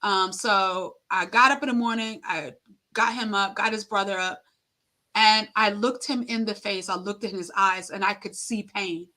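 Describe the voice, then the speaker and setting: A middle-aged woman, a guest on an interview, telling an emotional personal story haltingly with many fillers and acted-out quotes. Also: medium pitch, fairly even intonation, pushed and bright.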